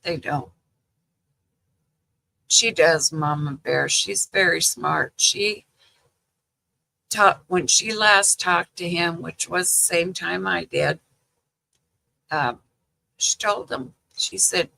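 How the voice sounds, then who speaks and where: An older grandmother chatting live with her viewers in an unhurried, rambling way. Her voice is gravelly and bright, and she takes her time getting through each story. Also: fairly low pitch, slight background noise, rough recording. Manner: slow, chatty storytelling with frequent "you know" and laughter. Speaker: livestream host chatting with viewers. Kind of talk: casual live chat.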